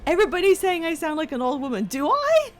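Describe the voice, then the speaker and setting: Excitable high-voiced woman streamer. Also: rapid-fire, faint music behind. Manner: chatty, excitable, laughs at herself. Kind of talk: casual live-stream chat while gaming.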